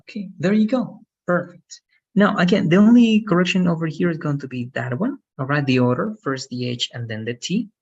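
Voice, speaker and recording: A man's voice: a little high, animated, a little fast, darkish tone, husky, lo-fi sound. A man teaching English grammar one-on-one, explaining patiently and checking for understanding with frequent "okay?".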